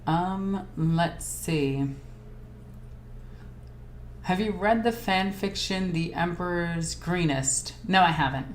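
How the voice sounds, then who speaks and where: A chatty woman with a slightly low voice hosts a casual livestream. She answers viewer comments with quick bursts of excitement. Her voice sounds roomy and echoey, over a faint hum of background ambience. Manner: excitable and chatty, jumping between topics. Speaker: streamer hosting a live Q&A.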